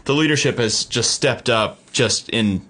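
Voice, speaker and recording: A man's voice: medium pitch, unhurried, bright, forceful tone. A man co-hosting a podcast from his home office studio, talking in a friendly, chatty way with plenty of fillers. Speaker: podcast co-host. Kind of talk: casual podcast chat.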